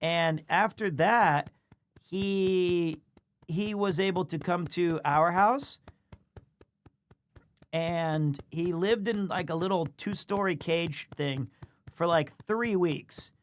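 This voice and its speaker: A man's voice: high-pitched, slow pace. A man streaming live, chatting casually as he tells a rambling story and breaks off to coo at his cat. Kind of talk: casual livestream chat.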